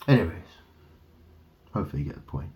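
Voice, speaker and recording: A man's voice: deep voice, big pitch swings, fast talker, a little mellow, slight background noise. A man in a rambling monologue, drifting through wordplay and trailing off. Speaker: vlogger. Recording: dull lo-fi recording.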